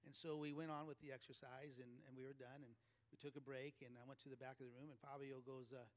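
A man's voice: medium pitch, flat delivery, fast talker. A man, a leadership coach, telling a chatty story to a live audience and laughing often between phrases.

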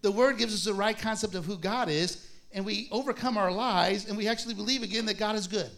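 Man, middle-aged, pastor, informal Bible teaching, somewhat high voice, slow scripture reading. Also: fairly bright tone. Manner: conversational, acts out voices in stories, laughs often; reads scripture aloud slowly.

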